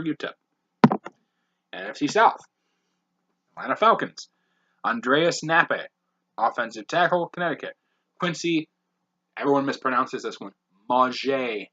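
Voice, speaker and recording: A man hosting a podcast, briskly reading off a long list of names with blunt, profane asides. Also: mid-range voice, pushed and bright, dull audio. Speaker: podcast host.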